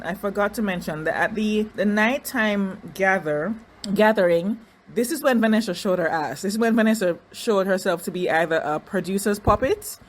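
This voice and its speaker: A woman casually reviewing a reality dating show, chatty and animated, restarting sentences and doing mocking impressions. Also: medium pitch. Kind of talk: casual recap commentary.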